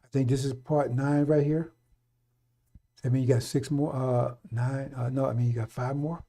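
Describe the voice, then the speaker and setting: A man's voice: medium pitch, fairly even intonation, normal speed, warm tone. A middle-aged man giving a fiery, off-the-cuff radio sermon, blunt and profane, repeating his warnings over and over. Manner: blunt, profane, repetitive exhortation. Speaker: radio preacher.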